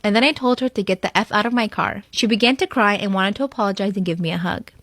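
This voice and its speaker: A woman reading online stories aloud in a fast, even storytelling voice. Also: mid-range voice, no room sound.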